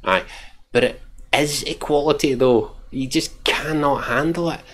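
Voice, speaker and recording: A man's voice: mid-range voice, a little slow, fairly bright tone. A Scottish man giving mocking, profane reaction commentary while reading out tweets. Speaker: commentary channel host.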